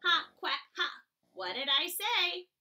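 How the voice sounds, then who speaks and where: A woman's voice: very high voice, big pitch swings, takes it slowly, sharp tone, pitched above the performer's own voice, full character voice. A woman voicing a mocking duck, dog, cat and bird in a storybook, taunting and scornful. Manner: taunting, scornful, jeering laugh.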